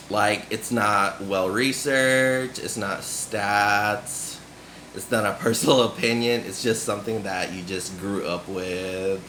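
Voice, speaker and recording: A man's voice: fairly low pitch, fairly bright tone. A man from the United States vlogging to camera in a casual, rambling way, with many "like"s and restarts. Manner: loose, filler-heavy talk with many "like"s and restarts. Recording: roomy echo with faint background noise.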